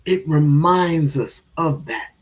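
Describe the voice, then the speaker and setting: A man's voice: on the high side, animated, takes it slowly, husky, highs cut off. A man giving heated, casual commentary on a stream, restarting and repeating words as he goes.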